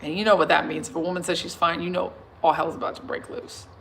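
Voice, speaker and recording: A woman in her thirties chatting casually to her followers, emphatic and self-assured, swinging from soft to loud. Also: lowish voice, fairly even intonation, fast talker, creaky, slight background noise. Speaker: singer and vlogger addressing her followers. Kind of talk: casual livestream chat reading comments.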